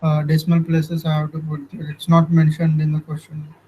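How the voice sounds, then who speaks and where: A man asks his teacher questions in an online class, polite and hesitant, with many "uh"s and "like"s. His voice is husky and fairly high, with flat intonation. The sound is dull and lo-fi. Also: fairly quick. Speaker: student.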